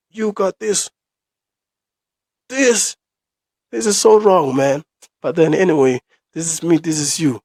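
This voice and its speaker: A man's voice: on the high side, big pitch swings, measured pace, long pauses, no room sound. Ranting South African man, dry sound. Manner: ranting, profane, with sudden loud outbursts. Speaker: podcast host. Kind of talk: opinion commentary podcast.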